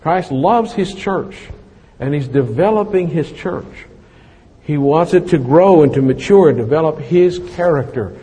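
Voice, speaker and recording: A man's voice: fairly high pitch, expressive, a little slow, mellow, breathy edge. A man in his late fifties preaching a sermon, mixing scripture reading with folksy, self-mocking stories. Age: 50s. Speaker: pastor. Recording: long hall reverb.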